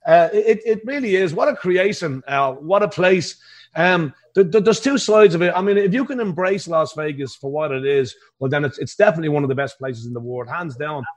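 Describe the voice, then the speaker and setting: A man's voice: a little high, lively intonation, brisk. A man with an Irish accent, a pub band musician telling stories in a casual interview, laughing often. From Ireland. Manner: chatty storyteller, laughs often. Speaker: house band musician, guest.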